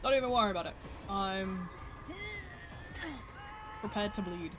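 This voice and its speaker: A streamer chats loosely over a live game session, rambling and poking fun at themself while answering the chat. The voice sits at a mid pitch, and faint game music plays underneath. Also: a little slow. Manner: chatty, rambling, self-deprecating, talking to chat. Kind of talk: casual live gameplay commentary.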